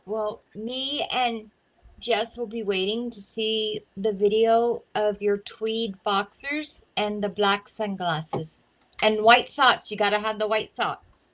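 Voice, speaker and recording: A woman's voice: medium pitch, takes it slowly, fairly bright tone, highs cut off. A woman chatting casually as a guest, talking at length in a rambling way. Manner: rambling, talkative. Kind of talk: casual chat.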